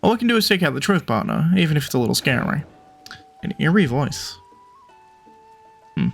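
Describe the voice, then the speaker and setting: An eager, jumpy bird reporter from a video game, voiced by a man. His voice sits on the higher side and swings up and down a lot. He calls his companion partner in every other line, all over a faint game soundtrack. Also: big pitch swings, brisk, gravelly, faint music behind, exaggerated voice. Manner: upbeat, calls listener partner.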